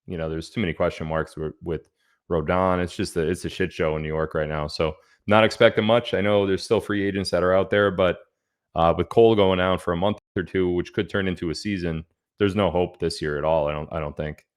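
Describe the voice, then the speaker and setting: A man's voice: sits low, fairly even intonation, a little fast, smooth. A man hosting a casual livestream, chatting loosely and reading out where viewers are from. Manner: chatty, reads out viewer locations. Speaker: livestream host.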